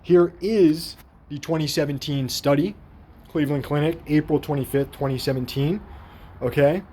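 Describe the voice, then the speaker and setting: A man's voice: fairly high pitch, steady tone, moderate pace, warm tone, slight background noise. A man giving an indignant, profane commentary while reading headlines aloud from his screen. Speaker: commentary vlogger. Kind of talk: ranting screen-share commentary.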